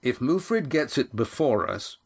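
A man's voice: mid-range voice, very animated, unhurried, creaky, a little mellow, voice pushed up, exaggerated voice. A man voicing a young seafaring grandson who speaks earnestly and declaims a proclamation.

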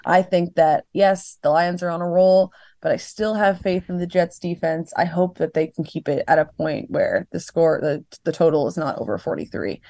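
A woman's voice: on the low side, normal speed, hardly any pauses, mellow, no echo, studio quality. A young adult woman giving casual sports analysis, rambling with lots of fillers and a wry, sarcastic edge. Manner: rambling, filler-heavy with frequent "like". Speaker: guest analyst.

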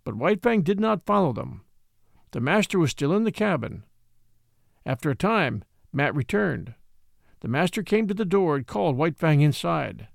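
An expressive male narrator reads a classic novel aloud. His voice is somewhat high, gravelly and lively in pitch. The recording is close and dry. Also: moderate pace, no echo. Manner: expressive storytelling. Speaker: audiobook narrator.

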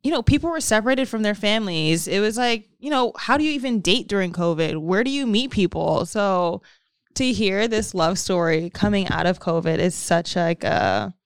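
A woman's voice: medium pitch, expressive, moderate pace, clean tone, no room sound. A woman co-hosting a casual chat, making affirming remarks.

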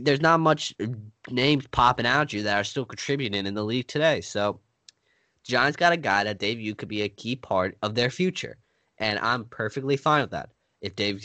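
A man's voice: medium pitch, bright, forceful tone, no echo. A man co-hosting a podcast in casual sports chat, making his points emphatically and firmly. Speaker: podcast co-host.

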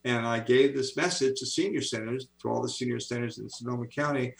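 The guest, an author and speaker in his seventies, talks briskly in a mid-range voice with vocal fry. Interviewed over a video call, he tells stories in an animated, enthusiastic way, though the recording is low quality.

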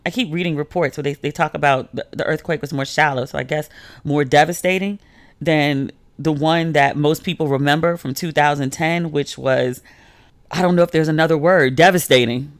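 A woman hosting a casual solo podcast, telling stories in a chatty way with lots of "like" and lively quoted voices. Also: moderate pace, no room sound. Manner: chatty storytelling, heavy use of "like", swings pitch when quoting people. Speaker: podcast host.

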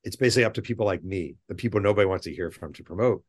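A middle-aged man, a guest author on a podcast, chatting casually and telling animated stories with rambling asides. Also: sits low, racing. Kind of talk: casual interview chat.

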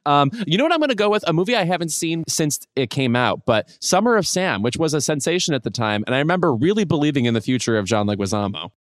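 A man co-hosting a casual pop culture podcast, talking with wry, deadpan asides. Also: on the high side, quick pace, few pauses, no echo, studio quality. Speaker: podcast co-host.

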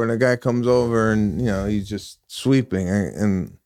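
A man's voice: medium pitch, unhurried. A man who is a guest comedian on a podcast, telling a story in casual chat and often stumbling and repeating words.

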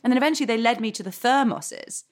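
A woman's voice: fairly high pitch, expressive, fast talker. Woman, podcast guest, casual storytelling, chatty, many restarts, laughing asides.

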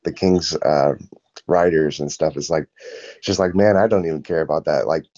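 A young man calling into a sports radio show, hesitant and halting with many fillers. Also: rumbling low, mellow. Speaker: caller. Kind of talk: casual call-in chat. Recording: dull lo-fi call line.

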